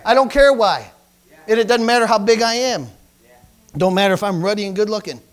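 A man's voice: high-pitched, fairly quick, faint music behind. A male pastor preaching a fervent sermon, calling out hallelujahs and repeating lines for emphasis.

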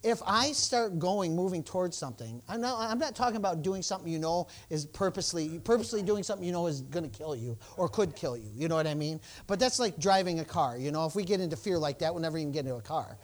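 A male pastor with a fairly high, animated voice talks fast with few pauses as he preaches a sermon. He tells a personal story, acts out the exchanges, stammers into restarts, and breaks into exclamations of praise.

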